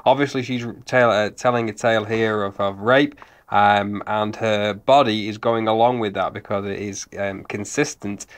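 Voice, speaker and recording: A man's voice: fairly low pitch, steady tone, moderate pace. A man giving analytical commentary over video clips, explaining steadily with frequent ums. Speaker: body language analyst.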